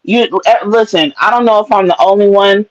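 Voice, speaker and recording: A woman's voice: mid-range voice, a little fast, no echo, lo-fi sound. Woman, livestream guest, blunt profane storytelling, dry close sound. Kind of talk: casual gossip chat.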